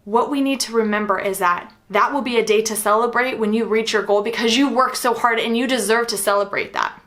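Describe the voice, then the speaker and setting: A woman's voice: fairly high pitch, a little fast, a bit bright. A young woman sharing fitness advice straight to the viewer, earnest and encouraging. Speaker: fitness coach. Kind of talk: direct-to-camera advice talk.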